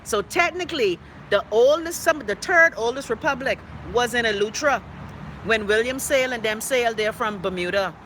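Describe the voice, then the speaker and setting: This Bahamian woman runs a live online show from indoors, reading out viewer comments in a chatty, outspoken style sprinkled with playful dialect asides. Her voice is on the high side and a bit bright at normal speed, over a little hiss or hum.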